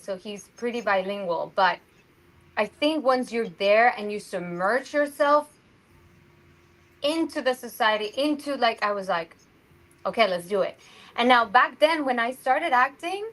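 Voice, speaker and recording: Measured in pace and fairly high in pitch, this woman is a Mexican actress chatting as an interview guest. She gets animated, putting on voices for the people she quotes, and the audio quality is poor.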